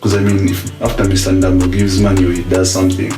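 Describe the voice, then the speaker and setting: A man co-hosting a casual podcast, telling stories in a relaxed, laughing way. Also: deep voice, fast talker, reverberant, distant mic, over music, poor audio. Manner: relaxed, laughing, loose storytelling. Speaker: podcast co-host.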